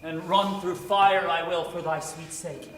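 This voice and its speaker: A man's voice: a little high, steady tone, a little slow, natural voice. A young man playing an ardent young lover, declaiming verse earnestly on stage in an echoey hall, heard from a distance. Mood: passionate. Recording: echoey hall from far off, with noise.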